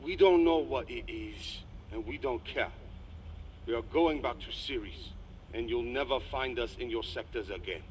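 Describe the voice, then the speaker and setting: A man's voice: mid-range voice, a little slow, a little mellow, natural voice. An actor voicing a cold male outlaw leader delivering a recorded message in a video game.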